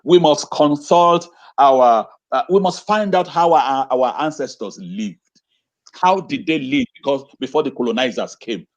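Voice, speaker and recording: This man has a mid-range, expressive voice and takes his time, though the audio sounds dull. As a guest and educator on a video call, he speaks with fervor, repeating himself for emphasis and asking questions he doesn't expect answered.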